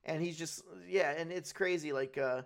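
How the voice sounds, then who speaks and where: Gravelly, higher-pitched man chatting. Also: normal speed. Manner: rambling, swears freely, retells scenes. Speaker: podcast co-host. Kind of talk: casual podcast chat.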